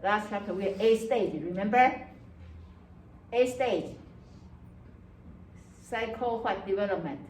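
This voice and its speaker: Animated woman lecturing in an echoey classroom. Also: mid-range voice, slow pace, pauses often, recorded from a distance, a little hiss or hum. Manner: animated, acts out student voices, frequent "okay" and "right". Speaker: psychology lecturer.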